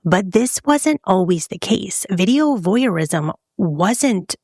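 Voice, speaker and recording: A woman's voice: medium pitch, animated, slow, a little mellow, no room sound, studio quality. A woman hosting a true crime podcast, talking casually and joking, with frequent laughs. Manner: chatty and joking, laughs often.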